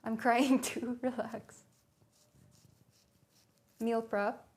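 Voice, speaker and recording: A woman's voice: a little high, flat delivery, extremely slow. A young woman livestreaming from a home kitchen, casually chatting and thinking aloud as she reads a recipe to her viewers. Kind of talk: casual cooking stream chat.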